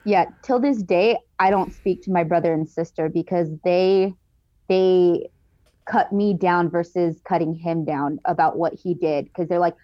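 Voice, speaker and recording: A woman speaking as a podcast guest in an earnest, emotional way, her voice sitting on the low side. The sound is dry and a little dull. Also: measured pace, dry recording. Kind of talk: candid interview storytelling.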